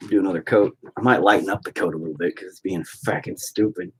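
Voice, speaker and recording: A man's voice: low-pitched, fairly even intonation, quick pace, a little mellow, slight background noise, rough recording. A man ranting in a profane, rambling way while painting in a casual vlog at home. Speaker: vlogger.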